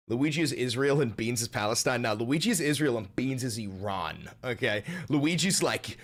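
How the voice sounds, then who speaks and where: A man ranting loudly and profanely while chatting on a live stream. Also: mid-range voice, moderate pace, hardly any pauses. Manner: loud, animated, profane, ranting.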